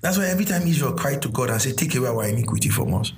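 A man's voice: mid-range voice, lively intonation, rapid-fire, slight background noise. A man teaching a sermon, explaining with everyday stories and repeating key phrases. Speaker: preacher.

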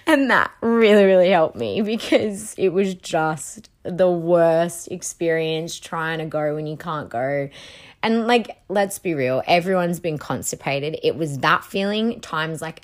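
Young woman, low voice, candid confessional vlogger, filler-heavy. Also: measured pace. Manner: frank and emotional, heavy use of "like". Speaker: new mother. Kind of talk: candid personal storytelling.

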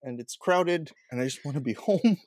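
Animated man telling a story. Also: fairly high pitch, moderate pace, dry recording, clean studio sound. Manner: animated storytelling, laughing, swearing. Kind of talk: casual chat.

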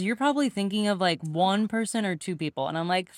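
A woman's voice: medium pitch, fast, no echo, clean studio sound. A young woman, a podcast host and coach, chatting casually and telling stories, acting out other people's voices as she goes. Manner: animated storytelling, acts out quoted voices. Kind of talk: casual conversational podcast chat.

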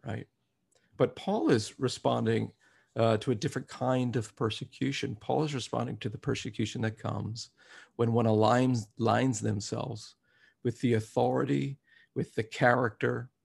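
A man's voice: mid-range voice, creaky, breathy edge. A man preaching a sermon, reflective at first and growing emphatic as he reads scripture aloud.

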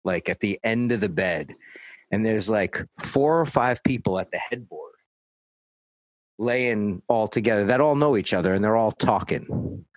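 Man storyteller, low register, dry mic, profane deadpan anecdote with voiced quotes. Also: measured pace, no room sound, low-quality recording. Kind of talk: casual anecdote.

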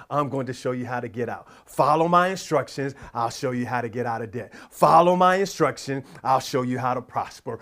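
A man's voice: mid-range voice, fairly bright tone. A man preaching a sermon, fervent and prayerful, repeating his exhortations.

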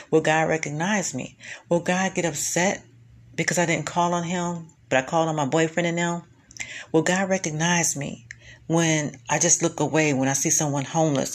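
A woman vlogger reciting her own spoken-word poetry in a heartfelt, pleading way. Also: deep voice.

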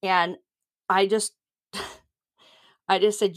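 Woman in her 50s, frank and animated, casual interview chat. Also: medium pitch, normal speed. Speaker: comedian interviewee.

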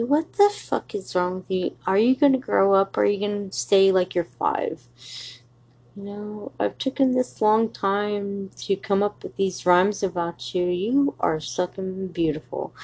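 A woman's voice: medium pitch, measured pace, a little mellow. A woman podcast host giving a rambling, profane, confrontational solo monologue addressed to someone.

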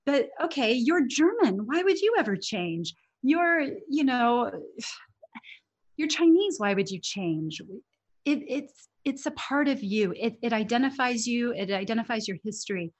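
A woman's voice: fairly high pitch, animated, measured pace. A woman who coaches English learners, speaking earnestly and emphatically in an interview, often laughing. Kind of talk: conversational interview.

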